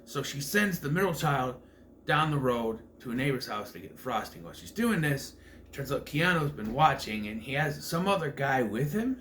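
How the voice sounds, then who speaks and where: A man's voice: medium pitch, sing-song, normal speed, fairly bright tone, a little hiss or hum. A man giving a casual, rambling film commentary, full of fillers and restarts. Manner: rambling, filler-heavy, self-correcting. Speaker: film reviewer.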